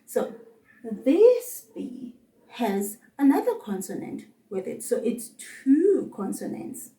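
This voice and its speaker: A woman with a South African accent teaching a children's language lesson, encouraging and patient, saying words slowly for kids to repeat. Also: a little high, very animated, warm tone, reverberant, recorded from a distance.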